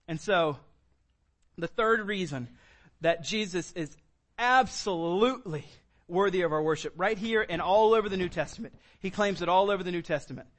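Male pastor, high-pitched, lively sermon delivery with acted-out quotes. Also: normal speed. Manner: animated preaching, acts out quoted lines with sudden high bursts.

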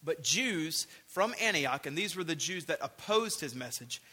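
A man preaching a sermon, animated, acting out quoted voices and shouting for emphasis. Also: on the high side, moderate pace, breathy edge. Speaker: pastor. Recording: long hall reverb.

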